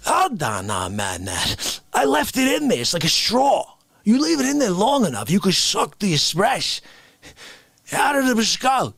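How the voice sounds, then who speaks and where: A man's voice: high-pitched, huge pitch swings, normal speed, vocal fry, long pauses, fairly bright tone, slightly rough, dry recording, clean studio sound, exaggerated voice. A man voicing a blustering, boastful male president who exclaims in outrage. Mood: indignant. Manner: exclaiming, indignant.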